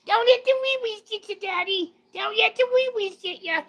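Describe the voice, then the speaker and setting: A man voicing his old male service dog, calming his owner in a high, squeaky, drawn-out baby voice during a livestream. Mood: soothing. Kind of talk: livestream banter.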